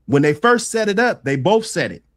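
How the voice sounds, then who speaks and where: A man on a casual livestream panel, making his case in a measured way and often adding "you know". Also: high voice, sing-song.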